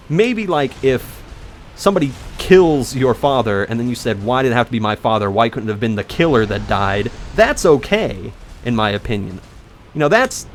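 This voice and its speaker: Young guy rambling through a story over a game, keeps correcting himself, gets worked up, faint hiss behind. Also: mid-range voice. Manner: rambling, self-correcting, animated when indignant. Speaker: let's play commentator. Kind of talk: casual storytelling over gameplay.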